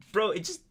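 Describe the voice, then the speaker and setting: Young male podcast co-host, bright voice, jokey, laughs easily. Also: slight background noise. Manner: joking, laughs often, trails off and restarts. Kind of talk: casual livestream chat.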